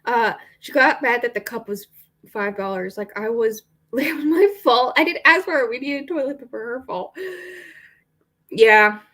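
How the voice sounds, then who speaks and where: Young female vlogger, slightly high voice, rambling casual chat with fillers. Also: moderate pace, a bit bright. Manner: rambling and chatty, with frequent fillers and laughs. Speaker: book vlogger.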